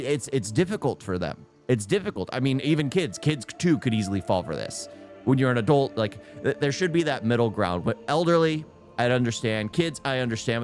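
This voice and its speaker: A man gives casual, rambling reaction commentary, and his pitch swings widely as he goes. A faint bed of music plays underneath. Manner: rambling, animated, laughs often. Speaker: reaction video host.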